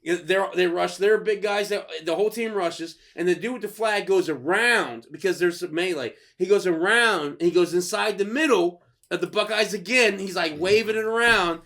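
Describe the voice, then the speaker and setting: A man co-hosting a podcast in casual chat, telling a story with lots of swearing and loud acted-out quotes. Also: high-pitched, normal speed, hardly any pauses. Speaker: podcast co-host.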